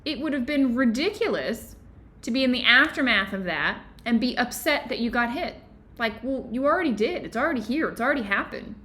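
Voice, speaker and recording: A woman hosting a book club discussion, talking casually and telling stories in an animated, chatty way with lots of "like"s. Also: fairly high pitch, fairly quick. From Florida, USA. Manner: chatty, animated storytelling with many "like"s.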